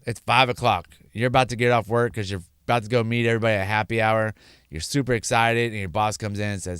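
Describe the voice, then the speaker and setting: A man's voice: on the low side, fairly even intonation, fast, a bit bright, smooth, no echo, clean studio sound. A man sharing his personal testimony, earnest and repeating words for emphasis. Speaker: speaker sharing his sobriety story.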